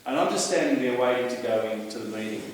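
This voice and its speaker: A man's voice: medium pitch, animated, fast talker, a little hiss or hum. A man with an Australian accent, talking emphatically and casually to a live audience as the speaker taking questions. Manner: emphatic, conspiratorial storyteller. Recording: echoey hall, voice from far off.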